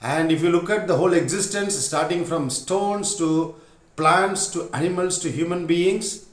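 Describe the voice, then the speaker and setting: Spiritual teacher, male, fairly high voice, unhurried with pauses, roomy echo. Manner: unhurried storytelling with frequent pauses. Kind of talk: spiritual discourse.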